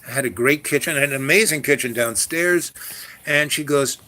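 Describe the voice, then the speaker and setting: With a little background noise behind him, an older man casually recounts something that happened to him, wandering off course and frequently stopping to fix what he said, with plenty of fillers. His voice is a little high and sharp-toned, at a normal speed.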